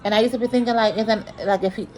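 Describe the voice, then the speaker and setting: A woman's voice: fairly high pitch, steady tone, racing, a little mellow, slight background noise, rough recording. A woman telling a personal story in a vlog, earnest and repetitive, with many restarts. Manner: earnest, repeats herself, many restarts and fillers.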